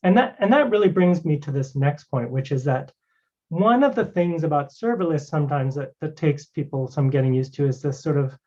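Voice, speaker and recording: A man walking through a live technical demo as a guest presenter, talking casually and filling pauses with "you know" and "right". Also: on the high side, a little mellow. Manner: conversational, many fillers like "you know" and "right". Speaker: guest presenter demoing a cloud product. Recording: dull lo-fi stream audio.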